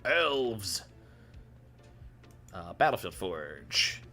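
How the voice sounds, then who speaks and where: Man streamer, slow unhurried delivery with an animated, bright tone, chuckly gameplay commentary over faint music. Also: low-pitched. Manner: chuckles often, thinks aloud. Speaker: streamer playing a card game.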